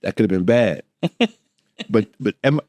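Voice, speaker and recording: A man co-hosting a podcast, telling a story in a lively, laughing way and acting out the voices in it. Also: fairly low pitch, measured pace, dry recording. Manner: animated, laughing, acts out voices in his story. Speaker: podcast co-host. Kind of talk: casual storytelling chat.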